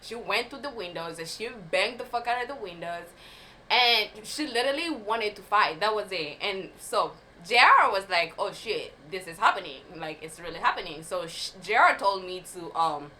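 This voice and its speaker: Animated young woman telling a story. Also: medium pitch, normal speed, slight background noise, low-quality recording. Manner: animated, swearing, laughs often. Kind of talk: casual storytime.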